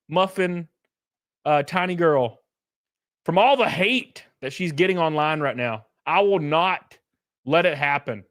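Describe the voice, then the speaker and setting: A middle-aged man, hosting a casual livestream, joking loudly and reading out chat messages. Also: high voice, no room sound, studio quality. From Alabama. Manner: loud, joking, reads chat. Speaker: streamer host. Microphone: headset.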